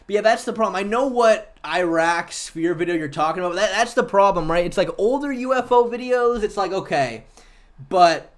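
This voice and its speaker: A man's voice: high-pitched, lively intonation, normal speed. A man hosting a livestream, chatting casually and argumentatively with viewers and swearing freely. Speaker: livestream host.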